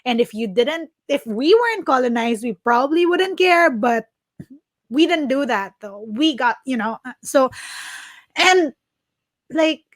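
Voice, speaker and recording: Filipina lady cohost ranting about politics, kinda high voice, dry sound. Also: unhurried, no echo. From Philippines. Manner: opinionated, animated, restarts mid-thought. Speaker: podcast co-host. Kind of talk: casual chat.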